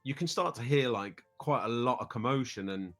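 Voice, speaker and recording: A man's voice: mid-range voice, normal speed, fairly bright tone, faint music behind. British man telling a long story. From United Kingdom. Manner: rambling, repeats words when starting sentences. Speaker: podcast guest. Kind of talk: casual storytelling.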